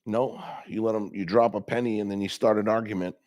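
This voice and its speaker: A young man talks on a morning show with loose, profane banter. His stories are animated, and his voice jumps up when he quotes himself. The recording is dry and close, with no room sound. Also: lowish voice, a little fast, no echo. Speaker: co-host.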